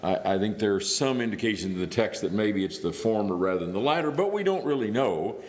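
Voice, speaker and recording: Low-voiced man preaching in a reverberant hall. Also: expressive, brisk, a little mellow. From Indiana. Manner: conversational, thinking aloud with restarts. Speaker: guest preacher. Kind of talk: sermon. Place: church hall.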